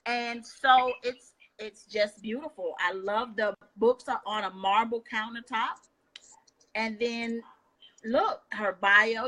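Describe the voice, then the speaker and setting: A woman hosts a casual online chat, her voice sitting a little high. She talks in a folksy, upbeat way, quick to cheer her guest on. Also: bright, forceful tone. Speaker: host.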